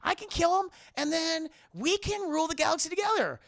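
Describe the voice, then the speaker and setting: A man's voice: very high voice, animated, a little fast, fairly bright tone, voice pushed up, exaggerated voice. A man voicing a hotheaded young male knight turning evil, in a frantic, stammering, crude way. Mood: agitated.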